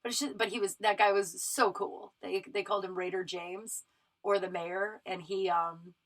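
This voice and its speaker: A woman's voice: medium pitch, fairly even intonation, moderate pace, rough recording. A woman in her thirties from Colorado hosting her own podcast, talking casually and emphatically, swearing often and restarting her sentences. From Colorado, USA. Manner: profane, emphatic, with frequent fillers and restarts. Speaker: podcast host. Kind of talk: casual solo podcast monologue.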